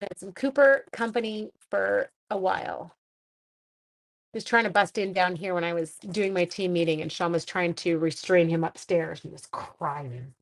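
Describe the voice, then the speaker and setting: A woman hosting a live card-making tutorial from her home craft room, chatting casually with viewers and breaking off to talk to her dog. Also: medium pitch.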